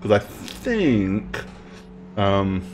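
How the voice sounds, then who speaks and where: A man's voice: on the low side, big pitch swings, drawn-out words, slight background noise. A man running a tabletop game as game master, giving rulings with many hesitations. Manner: hesitant, filler-heavy rulings.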